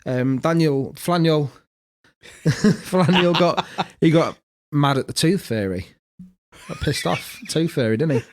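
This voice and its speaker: A man's voice: on the high side, slow. A man co-hosting a podcast, telling family stories with plenty of swearing and laughter. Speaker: podcast co-host. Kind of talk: casual banter, storytelling.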